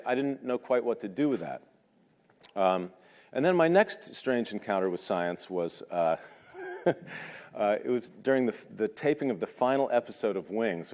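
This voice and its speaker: A man's voice: lowish voice, a little mellow. A man in his fifties telling personal stories at a talk, conversational and hesitant, with self-deprecating humor. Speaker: speaker at a talk. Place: large lecture hall. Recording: long hall reverb.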